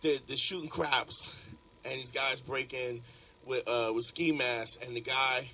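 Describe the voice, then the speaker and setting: A man's voice: mid-range voice, a little slow, slight background noise, rough recording. A man telling stories in casual chat, acting out the people in them and laughing as he goes. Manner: animated storyteller, acts out quotes with laughter.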